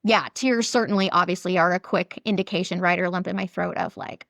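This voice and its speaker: A woman's voice: on the low side, fairly even intonation, a little fast, creaky, hardly any pauses, fairly bright tone, no echo, studio quality. A woman talking as a guest coach in a casual podcast interview, chatty and full of filler words. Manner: chatty, many "like" and "right" fillers.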